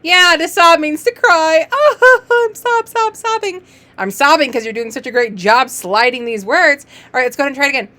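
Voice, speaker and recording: A woman teaching early reading to young children, drawing out letter sounds and cheering each word with playful, sing-song praise. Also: sits high. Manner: encouraging, sing-song, playful praise with gasps and exaggerated excitement; slow, drawn-out letter sounds.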